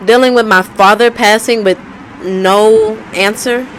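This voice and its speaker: Woman talking real slow about her life, candid and chatty, kinda high voice. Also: fairly even intonation, a little hiss or hum, low-quality recording. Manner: candid, repetitive, conversational. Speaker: entrepreneur telling her story. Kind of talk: personal storytelling vlog.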